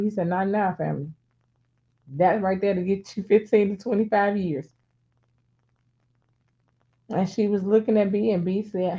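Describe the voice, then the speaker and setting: A middle-aged woman in casual chat, telling a family story with lively acted-out voices. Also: medium pitch, moderate pace. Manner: animated storyteller acting out voices. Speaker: talk show co-host. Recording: dull lo-fi sound.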